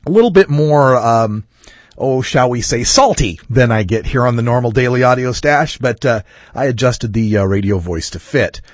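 Male podcast host, husky, animated delivery, dry close sound, wry casual chat. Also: mid-range voice, normal speed, no echo. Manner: lively, wry, chatty delivery.

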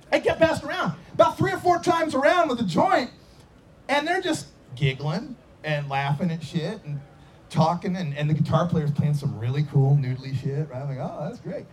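Animated man telling a lively story. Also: on the high side, normal speed, slight background noise. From Idaho. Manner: animated, acts out voices and sound effects. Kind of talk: casual storytelling.

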